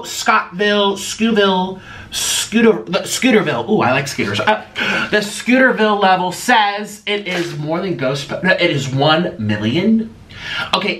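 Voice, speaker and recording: A male vlogger with a bright, ringing voice that leaps all over his range. He talks in a campy, theatrical way, full of playful asides to his viewers. There is a faint hum of room noise behind him. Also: on the high side. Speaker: mukbang vlogger. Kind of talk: sponsored vlog chat.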